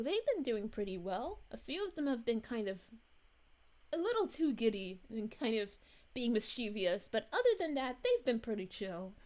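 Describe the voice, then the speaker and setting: A sweet, bubbly space princess, voiced by a woman chats with her stream viewers in a high, soft voice. Her lines rise and fall in a lively sing-song and are full of little giggles. The tone stays gentle and friendly throughout. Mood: cheerful. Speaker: VTuber streamer reading chat. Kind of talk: live-stream chat in character.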